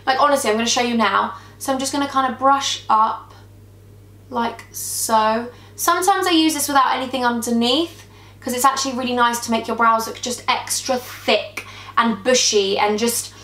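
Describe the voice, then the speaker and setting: A young woman in her twenties chatting her way through a makeup tutorial, telling a gossipy story with animated indignation. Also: a little high. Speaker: beauty vlogger. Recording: echoey room.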